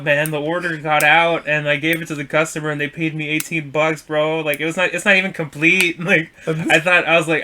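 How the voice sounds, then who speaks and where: A young man co-hosting a podcast, telling a story in a loose, animated way, swearing and acting out what people said. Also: fairly high pitch, brisk, a little hiss or hum. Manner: animated, swearing, acts out quotes. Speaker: podcast co-host. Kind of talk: casual storytelling chat.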